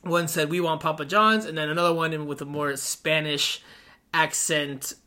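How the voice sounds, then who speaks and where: Male podcast co-host, bright and slightly high voice, upbeat and jokey, casual sports talk. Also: fairly even intonation, moderate pace. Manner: upbeat, jokey, laughs often.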